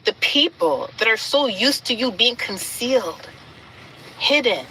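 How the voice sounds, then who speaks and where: A woman's voice: on the high side, lively intonation, measured pace, bright, forceful tone, a little hiss or hum, poor audio. A woman preaching emphatically to an audience, building her points in rhythmic repeated lists. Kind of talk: sermon-like encouragement to an audience.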